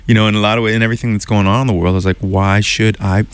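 Low-voiced man telling a winding story. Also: fairly even intonation, rapid-fire, clean tone. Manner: loose, winding storyteller who circles back on himself. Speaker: musician guest. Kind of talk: radio interview storytelling.

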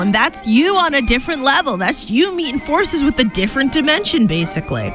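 A young woman hosting a college radio show, talking in a gushing, excitable way with frequent laughs. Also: sits high, fairly quick, few pauses. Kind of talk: casual on-air chat. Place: radio studio. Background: jazz music playing behind.

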